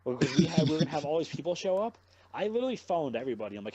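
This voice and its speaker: A man's voice: on the high side, very fast, husky, no echo. Swearing young man telling a rambling story. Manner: swears a lot, rambling and animated. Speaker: podcast host. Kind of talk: casual storytelling chat.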